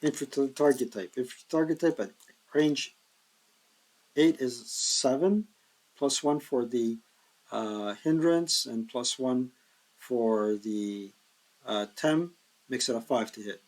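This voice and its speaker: A tired man thinking aloud in a slow mutter as he plays a board wargame solo, counting hexes and working out dice rolls. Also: medium pitch, darkish tone, low-quality recording. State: tired, yawning.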